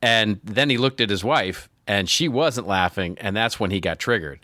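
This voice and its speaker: Bright, crisp-voiced male podcast host. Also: on the low side, moderate pace, no room sound, clean studio sound. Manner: chatty, lots of restarts and fillers. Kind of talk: casual chat.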